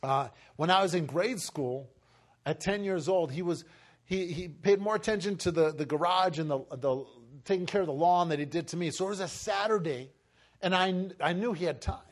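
High-voiced man preaching with halting restarts. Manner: emotional, acts out family voices, rising to shouts; halting with many fillers and restarts. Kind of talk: sermon with personal story.

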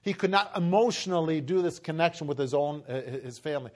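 A man's voice: on the high side, expressive, brisk. A man preaching a sermon and telling a personal story, talking with many fillers and restarts. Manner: emotional, acts out family voices, rising to shouts.

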